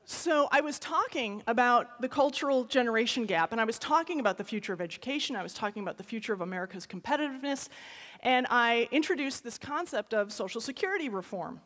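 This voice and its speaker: A woman giving an animated conference keynote, often turning to the audience with a quick "right?". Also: on the high side. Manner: lively, animated, talks to the audience with frequent "right?". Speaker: keynote speaker. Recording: long reverb of a large hall.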